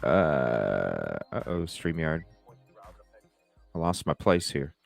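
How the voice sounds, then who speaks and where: A man's voice: extremely low pitch, big pitch swings, slow pace, creaky, soft background music. A man hosting a live call-in talk stream, chatting casually with viewers, rambling, swearing freely and laughing often.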